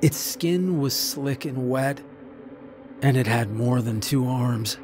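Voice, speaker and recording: Slow, measured male horror narrator. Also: mid-range voice, background noise. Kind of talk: scripted narration. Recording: faint background music.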